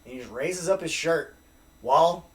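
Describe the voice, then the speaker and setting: A man's voice: on the high side, normal speed, far from the mic. A man guesting on a podcast, telling a profane story casually and laughing through it. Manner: profane, laughing as he tells stories.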